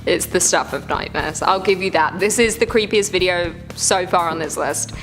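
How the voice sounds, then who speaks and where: A woman talking casually as she reacts to scary videos, chatty and quick to swear and joke. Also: lowish voice, a bit bright, soft background music.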